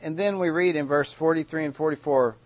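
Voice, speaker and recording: Man preaching with dramatic hush. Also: on the high side, no room sound, highs cut off. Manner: dramatic, with loud cries and hushed pauses. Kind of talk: sermon.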